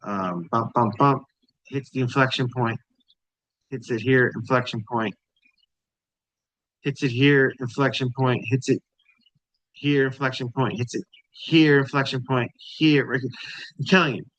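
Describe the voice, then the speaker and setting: A man in a dry, close recording, speaking at an ordinary middle pitch. He talks loosely through charts, repeating words for emphasis and tossing in "right?" and "you know" as he goes. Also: fairly even intonation, a little slow, pauses often, a bit bright, dry recording, highs cut off. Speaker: trading channel host. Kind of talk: casual chart commentary.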